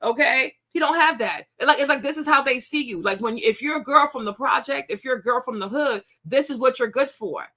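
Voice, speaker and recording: A woman in her thirties hosting a commentary show, talking casually to viewers, animated and repetitive, often laughing. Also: high voice, fairly quick, few pauses.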